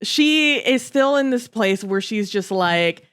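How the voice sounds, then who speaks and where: A woman with a smooth, clear voice co-hosts a casual book podcast. She talks in an animated, chatty way, slips into the characters' voices to act out their lines, and swears without fuss. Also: on the high side, slow. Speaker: podcast co-host.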